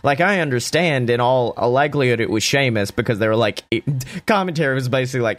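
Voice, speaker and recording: A young man casually recapping a wrestling show, talking excitedly and swearing a lot. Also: fairly quick, no echo. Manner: excited, profane, acts out quotes in raised pitch.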